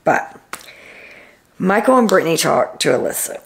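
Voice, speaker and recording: A woman's voice: lowish voice, sing-song, moderate pace, vocal fry. A woman hosting a casual reality TV recap, telling what happened in a chatty storytelling way and quoting people with "he's like.".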